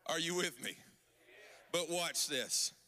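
Male pastor with a high, piercing voice, sing-song preaching cadence, long hall reverb. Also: takes it slowly, pushed and bright. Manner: preachy, sing-song cadence with frequent call-outs to the congregation. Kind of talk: sermon.

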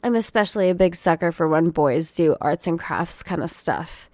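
A young adult woman hosts her own podcast in a lowish, slightly mellow voice at a moderate pace, recorded clean in a studio with no room sound. It's casual solo chat aimed straight at her listeners as she rants and swears freely.

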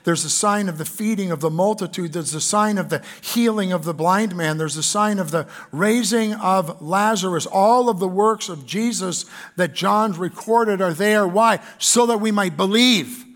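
A pastor with a Canadian accent preaching a sermon in an earnest way, reading scripture aloud with fillers. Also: male voice, high-pitched, moderate pace, fairly bright tone.

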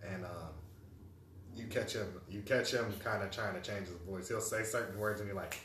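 A man's voice: on the low side, steady tone, normal speed, a bit bright. A young man co-hosting a podcast, teasing and telling stories in loose slang. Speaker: podcast co-host. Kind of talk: casual chat. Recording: echoey room, off-mic, faint noise.

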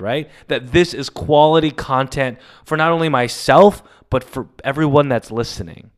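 A man hosting a solo comedy podcast in a loose, confessional ramble. His voice is smooth and clear, sitting at an ordinary middle pitch. He talks with open emotion, drifting from story to story. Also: a little fast, hardly any pauses. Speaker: podcast host. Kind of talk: casual solo podcast monologue.

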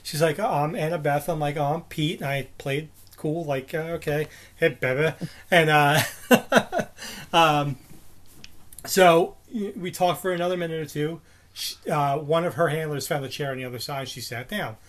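A man's voice: a little high, steady tone, measured pace, fairly bright tone. A man in his forties from New Jersey, co-hosting a podcast and telling a rambling story full of restarts and fillers. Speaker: podcast co-host. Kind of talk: casual storytelling chat.

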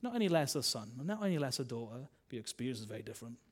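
A man, a minister preaching a sermon in a chatty style, full of tag questions and swings between loud and soft. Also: medium pitch, sing-song, rapid-fire.

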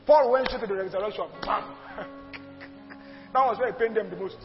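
Pastor, male, very high pitch, forceful repetitive sermon delivery, dull recording with long hall reverb. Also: fairly quick, soft background music. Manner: emphatic preaching with repeated phrases and sudden loud outbursts.

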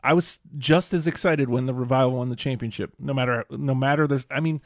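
A man chats casually on a podcast, in a mid-range voice on a dry, close mic. He sounds enthusiastic and lets his excitement break through in bursts. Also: medium pitch, a little fast, no room sound. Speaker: podcast co-host. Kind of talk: casual wrestling chat.

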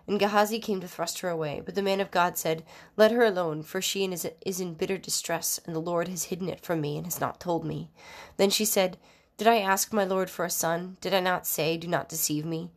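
A woman with a somewhat low voice reads scripture aloud. Her delivery is measured and formal, and she sometimes stumbles and restarts a word. It is an unhurried, plain recitation of scripture. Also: steady tone. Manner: measured, formal reading with occasional slips and restarts. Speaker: scripture reader. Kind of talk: Bible reading aloud.

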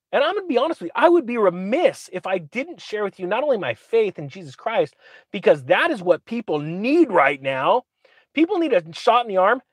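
A man's voice: high-pitched, no echo. A man giving opinionated commentary, sarcastic, often acting out quotes in mocking voices.

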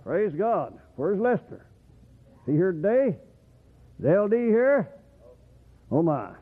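Animated country preacher on tinny radio. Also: male voice, high voice, slow, husky. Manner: animated, rambling, rising to excited whoops. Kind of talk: folksy sermon. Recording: tinny phone-like radio broadcast.

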